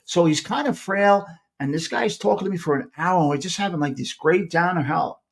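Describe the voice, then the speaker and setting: A man's voice: high voice, fairly quick, vocal fry. A middle-aged man with a New York accent, hosting a live podcast and telling rambling stories with many restarts. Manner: rambling, self-interrupting, animated storyteller. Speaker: podcast host. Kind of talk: casual storytelling on a live podcast.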